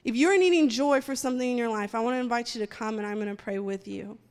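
Woman, preacher, fervent sermon, high voice, echoing church hall. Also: quick pace. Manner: fervent, rising to loud praying. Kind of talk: sermon and prayer. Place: church sanctuary. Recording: long hall reverb, faint music.

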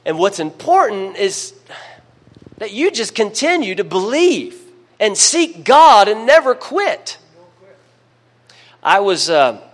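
A man preaching a sermon, emphatic, calling for amens and dropping to a hush between louder bursts. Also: a little high. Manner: emphatic preaching with call-and-response amens, swings between loud and hushed.

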